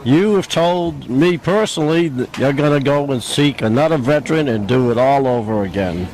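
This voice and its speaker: A man interviewing at an event, speaking in an appreciative, warm way. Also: medium pitch, moderate pace, poor audio.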